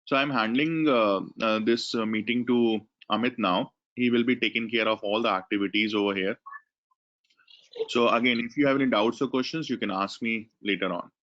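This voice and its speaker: A man's voice: medium pitch, moderate pace, fairly bright tone. A man with an Indian English accent who coordinates an online class, explaining the controls and thanking attendees by name. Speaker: webinar coordinator. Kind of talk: online class host instructions. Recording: dull lo-fi webinar audio.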